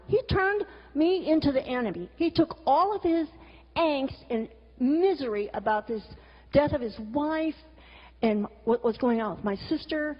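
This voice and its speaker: A woman's voice: high voice, expressive, moderate pace. A middle-aged woman giving a talk, a frank storyteller who swears freely and throws in exasperated asides. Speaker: cartoonist and teacher giving a talk. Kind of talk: candid storytelling talk with slides. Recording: lo-fi recording with long hall reverb.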